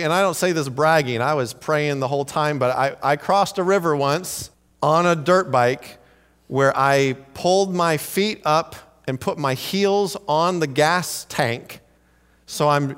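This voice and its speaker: A man with a fairly high voice preaches a sermon as a pastor, animated and storytelling with humor. His voice rings out with a long reverb, as if from a large church hall. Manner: animated storytelling with humor, acting out quoted lines.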